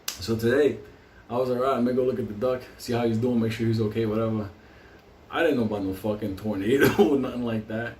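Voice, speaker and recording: A man's voice: mid-range voice, steady tone, quick pace, darkish tone, a little hiss or hum. A man telling a long profane anecdote, often breaking into laughter. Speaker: vlogger. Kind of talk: casual storytelling. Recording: roomy sound, mic at a distance.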